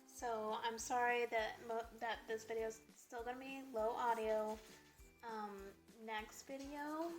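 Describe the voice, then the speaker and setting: A woman hosting her sewing channel in casual vlog chat, upbeat and chatty with frequent ums, recorded at a low level. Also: steady tone, unhurried, echoey room, faint music behind.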